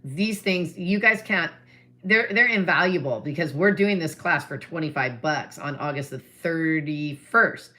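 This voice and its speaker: A middle-aged woman real estate agent talking live to viewers, telling a deal story in a chatty way, acting out both sides of phone calls and pitching her classes. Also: lively intonation, a little slow, pushed and bright. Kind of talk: live-stream talk to viewers.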